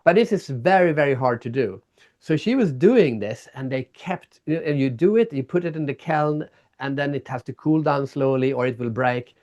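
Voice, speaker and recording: A man guest in a casual interview, telling stories in an animated way and acting out people's reactions. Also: mid-range voice, normal speed, dull audio. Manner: animated storyteller, acts out reactions. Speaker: guest, keynote speaker and author.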